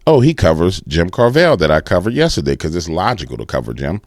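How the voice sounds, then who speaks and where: A man hosting casual political commentary, animated and slangy, with playful sound effects. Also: deep voice, fast, no room sound, clean studio sound.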